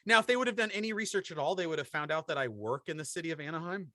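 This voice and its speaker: A middle-aged man co-hosting a podcast, telling a comedic story with animated delivery and laughing through his own jokes. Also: on the high side, very fast, dry recording. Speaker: podcast co-host.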